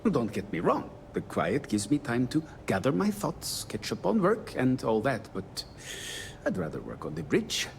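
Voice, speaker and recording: A man's voice: mid-range voice, wildly swooping pitch, normal speed, gravelly, slight background noise. An actor voicing a nervous, apologetic male starship engineer in a video game, stammering through his lines with lots of fillers. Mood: hesitant.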